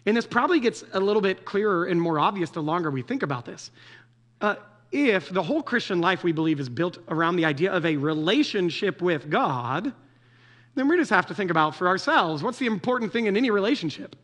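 High-voiced casual male preacher. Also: animated, brisk, fairly bright tone. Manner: casual, joking, asks the audience "right?" often. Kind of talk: conversational sermon.

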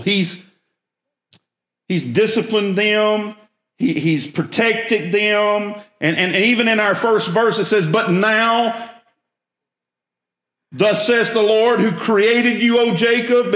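A man's voice: high voice, fairly bright tone, echoey room. A man preaching a sermon as a pastor, emphatic, rising when he stresses a point.

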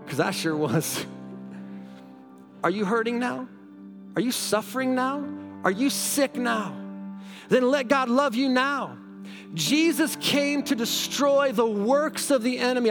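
A man's voice: extremely high pitch, measured pace, pauses often. A man preaching a sermon, reading scripture aloud and fervently urging listeners to let God love them now. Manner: fervent, exhorting, repeats "now". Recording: background music.

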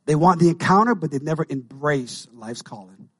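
A pastor in his fifties preaching an impassioned sermon, calling out to the congregation and rising into shouts. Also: fairly high pitch, animated, moderate pace, slightly rough. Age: 50s. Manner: impassioned, call-and-response preaching.

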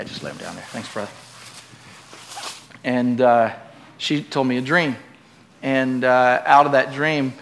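In a church, a middle-aged male pastor delivers a sermon at medium pitch, moving between loud, emphatic preaching and relaxed, joking asides with his congregation.

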